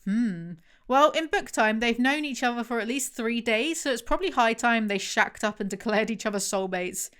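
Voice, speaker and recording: A woman's voice: fairly high pitch, moderate pace, few pauses, a bit bright, clean tone. A young woman reviewing a book, reading passages aloud and breaking in with sarcastic, chatty asides to her viewers.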